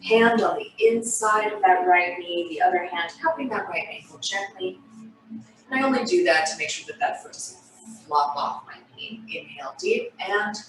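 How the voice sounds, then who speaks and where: A woman instructor guiding a stretching class over a video call, with soothing, breathy cues and sighs. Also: fairly low pitch, animated, moderate pace, fairly bright tone, recorded from a distance, a little hiss or hum. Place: home room on a video call. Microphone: laptop mic on a video call. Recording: echoey room, off-mic, music behind. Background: background music.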